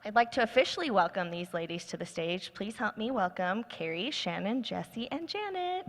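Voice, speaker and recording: A woman's voice: medium pitch, expressive, fairly quick. A woman moderating a conference panel in an upbeat, welcoming way. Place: large conference hall. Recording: long hall reverb.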